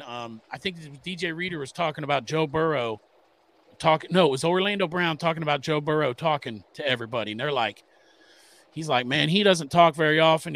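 A man's voice: fairly high pitch, gravelly, a bit bright. A middle-aged man co-hosting a sports podcast, talking in an emphatic, profane, rambling way. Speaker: podcast co-host. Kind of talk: casual sports podcast chat.

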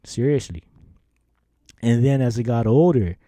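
A man hosts his podcast, rambling through stories and laughing as he goes. His pitch swoops up and down constantly, and his tone is dark and mellow. The recording is dry and close. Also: unhurried, no room sound. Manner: rambling, animated, acts out quoted lines; laughs often. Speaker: podcast host. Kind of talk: casual storytelling monologue.

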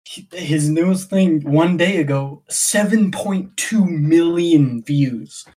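A man's voice: fairly high pitch, slow pace, mellow. A man rambling casually on a streamer podcast, full of fillers and swearing freely. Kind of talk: casual chat.

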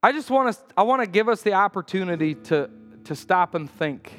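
A man preaching a sermon as pastor, telling a story with lively acted-out quotes and sudden loud cries. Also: brisk, big-room sound, faint music behind. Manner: animated storytelling, acts out quotes with sudden high outbursts. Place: church sanctuary.

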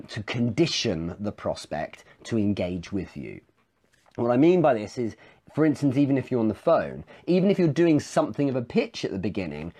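Lively man teaching sales. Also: medium pitch. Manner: conversational, animated delivery with restarts and asides. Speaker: sales trainer. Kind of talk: live-streamed teaching talk.

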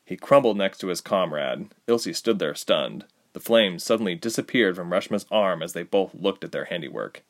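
A man narrating a fantasy audiobook with expressive storytelling. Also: deep voice, normal speed, few pauses. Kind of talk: scripted narration.

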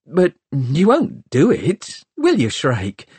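A fierce, guarded young woman speaks in clipped, tense bursts, as a male narrator puts her on. The voice is raised and a little husky. It sounds dry and close to the mic. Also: on the high side, huge pitch swings, slow, a little mellow, dry recording, pitched above the performer's own voice, heavily acted. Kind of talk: audiobook character voice.

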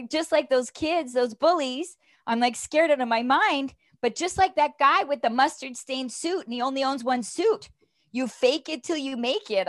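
A middle-aged woman speaks in a fairly high voice, earnest and animated as she tells her story. She keeps checking in with her listener. The sound is close and dry. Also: no room sound. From Canada. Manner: earnest and animated, repeats "right?" often. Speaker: guest. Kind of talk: conversational storytelling interview.

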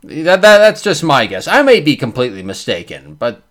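A man hosting a podcast, giving sarcastic, animated commentary with quick character bits. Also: fairly high pitch. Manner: sarcastic, animated, does voices. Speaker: podcast host. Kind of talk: casual commentary.

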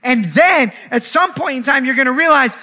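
A male preacher with an unusually high, piercing, sharp voice. He preaches with passion, stacks rhythmic repeated phrases and climbs into shouts. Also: moderate pace. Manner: impassioned, building to shouts. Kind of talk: sermon.

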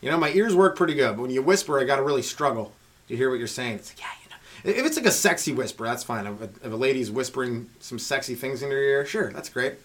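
A man doing a rambling stand-up comedy monologue on his podcast, riffing with frequent asides to the listener and swinging between loud and hushed delivery. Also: medium pitch, expressive, fast talker. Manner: riffing, talks to listener with frequent "right?" and "you know".

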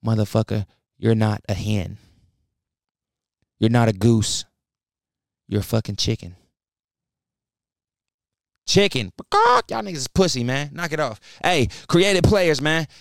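A man's voice: mid-range voice, slow, creaky, long pauses, dry recording, clean studio sound. A young man hosting a podcast, ranting bluntly and profanely, heated and preachy. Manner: heated, fired up. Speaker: podcast host. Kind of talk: ranting solo podcast talk.

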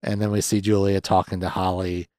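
A man's voice: sits low, little pitch movement, a little fast, a little mellow, dry recording, studio quality. A man in his thirties hosting a podcast, chatting casually and ramblingly about a film and swearing freely. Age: 30s. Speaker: podcast host. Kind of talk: casual movie review chat.

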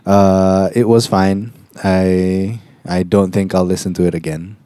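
A young man with a Malaysian English accent, co-hosting a podcast in relaxed, rambling casual chat that slips into Malay words. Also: low voice, measured pace, no room sound. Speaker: podcast co-host.

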